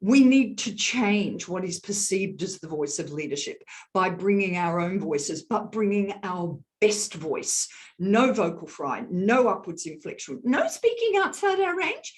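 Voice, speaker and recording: A woman executive coach speaks over a video call with a somewhat low voice. She explains in an animated, demonstrative way, often showing her points with her own voice. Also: measured pace. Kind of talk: virtual summit interview.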